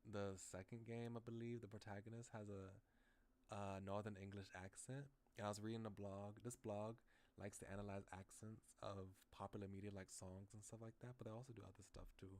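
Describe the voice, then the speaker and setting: A man's voice: lowish voice, little pitch movement, brisk, a little mellow. A man streaming a visual novel, chatting casually and rambling off on tangents between scenes. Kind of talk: casual game commentary.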